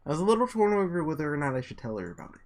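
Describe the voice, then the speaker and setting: A man with a slightly hoarse, under-the-weather voice reads a visual novel aloud with casual asides, sometimes tripping over and restarting words. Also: fairly high pitch, sing-song, very fast. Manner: casual, trips and restarts words while reading. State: voice a little sick, slightly hoarse. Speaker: let's player.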